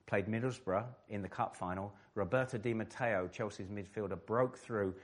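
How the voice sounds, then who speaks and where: A middle-aged man from England tells vivid stories as an interview guest. His voice sits on the low side, and he tells them with animation and easy laughter. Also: normal speed. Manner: animated, vivid storyteller who laughs often. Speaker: former footballer and pastor, interview guest. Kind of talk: storytelling in an interview.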